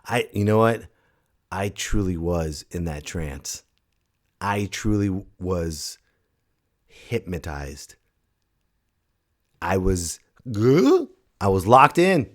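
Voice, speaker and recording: A low-voiced man in his thirties riffs through a casual solo podcast, his pitch swinging all over the place. He talks in excited bursts, stops and restarts mid-sentence, and jumps into loud high shouts when he imitates other people. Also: extremely slow, pauses often. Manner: excitable, joking, trailing off and restarting. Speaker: podcast host.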